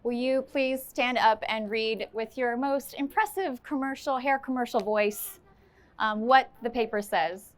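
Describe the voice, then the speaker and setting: A woman's voice: fairly high pitch, measured pace. A woman speaking on stage to a live audience, telling a personal story with candid, self-deprecating humor and then answering questions.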